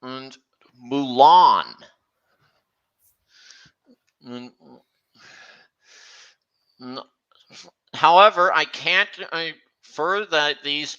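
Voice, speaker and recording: A man chatting casually on a stream, talking slowly and haltingly with frequent restarts. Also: on the high side, bright, forceful tone, dull audio. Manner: halting, many restarts, slow and meandering. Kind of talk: casual chat.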